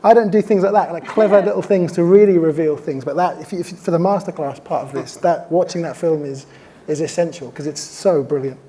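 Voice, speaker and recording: A man on a festival panel who talks at a quick clip in a fairly high, mellow voice. He tells anecdotes eagerly, doubling back on his words as he goes. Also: a little hiss or hum. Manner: rapid, enthusiastic, self-correcting storytelling. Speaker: documentary filmmaker on a panel. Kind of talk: casual panel discussion.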